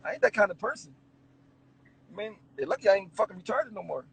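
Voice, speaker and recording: Telling stories in a casual interview, a rapper swears and laughs with lots of energy. He talks fast in a high-sitting voice with vocal fry and slight roughness, on poor audio.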